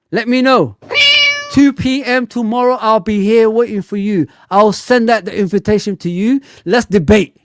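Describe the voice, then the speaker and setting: A man's voice: high-pitched, normal speed, no room sound. A man hosting a live football fan stream, teasing viewers, bantering and swearing often. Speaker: football fan channel host.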